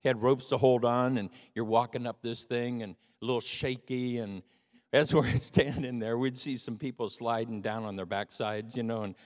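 An older man preaching a sermon as pastor, telling stories with animated emphasis. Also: medium pitch, fairly quick. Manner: animated storytelling, rising to emphatic peaks. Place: church sanctuary. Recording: long reverb of a church hall.

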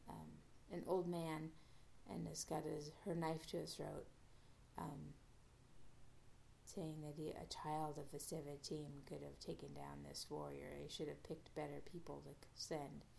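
A woman's voice: low-pitched, little pitch movement, measured pace, creaky, a little mellow, a little hiss or hum. A woman podcast host casually recapping an episode, rambling with many fillers and restarts.

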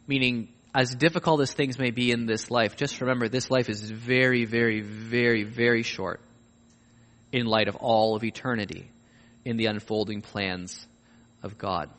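A man preaching a sermon with emphasis, rising to loud pleading questions and dropping to low, quiet endings. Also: fairly even intonation, normal speed. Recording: long reverb of a large hall.

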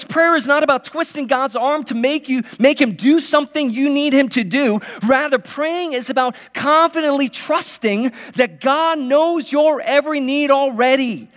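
A man in his thirties, a pastor, preaching a sermon in a conversational, story-telling way with many restarts. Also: very high voice. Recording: long hall reverb.

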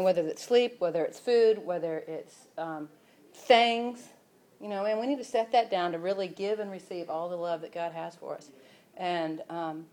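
A woman's voice: fairly low pitch, darkish tone. A woman giving an informal sermon in a conversational way, with many fillers, building to emphatic passages. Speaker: church speaker.

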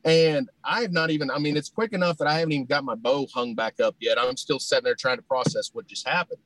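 A man's voice: medium pitch, fast talker, no echo, rough recording. Folksy man spinning a humorous yarn. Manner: folksy, humorous, animated retelling; many fillers like "you know". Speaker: hunter telling a story. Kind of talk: casual storytelling.

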